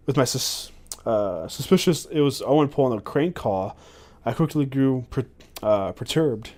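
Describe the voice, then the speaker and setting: A man's voice: medium pitch, expressive, moderate pace, a little mellow. A man hosting a podcast, reading a memoir aloud with frequent stumbles and self-corrections. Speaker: podcast host.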